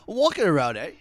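Man doing fake British accent, excitable rambling bloke, mid pitch, leaps up and down. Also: heavily acted. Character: excitable British bloke telling a wild tale.

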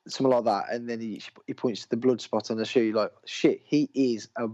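This podcast co-host speaks quickly in a medium-pitched, slightly mellow voice with fairly even intonation. Chatting casually about film, he's enthusiastic and rambling, often interrupting himself, all on a dull lo-fi recording.

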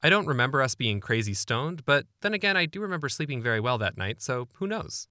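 Bright-voiced young man telling a wry memoir. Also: medium pitch, big pitch swings, fast talker, no room sound, studio quality. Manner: wry, self-deprecating, conversational. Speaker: narrator. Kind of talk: memoir storytelling.

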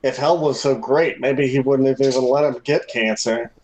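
A man's voice: mid-range voice, steady tone, moderate pace, a little mellow, rough recording. Sarcastic man at the game table. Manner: dry, sarcastic. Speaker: player. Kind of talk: casual tabletop play.

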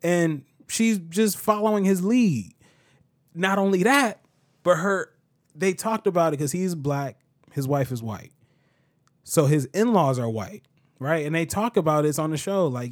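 Chatty man with a high voice, dry sound. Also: unhurried, dry recording. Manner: animated storytelling, acts out quotes. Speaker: podcast host. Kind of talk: casual podcast chat.

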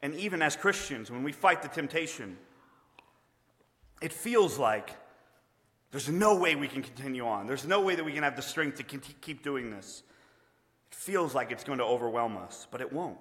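A man's voice: medium pitch, animated, normal speed, a bit bright. A man preaching a sermon, earnest and emphatic in a conversational way. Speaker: pastor. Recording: long reverb of a large hall.

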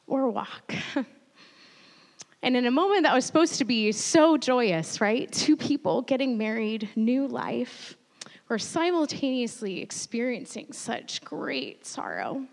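A woman in her thirties preaching a sermon, telling a personal story earnestly and growing quietly emotional at times. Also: on the high side, animated, slow pace, vocal fry. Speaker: pastor. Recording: long reverb of a large hall.

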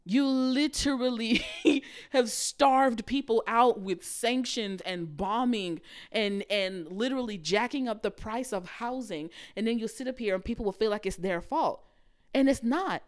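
A woman hosting a podcast, ranting bluntly and profanely in a casual monologue and mocking the people she quotes. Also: fairly high pitch. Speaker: podcast host.

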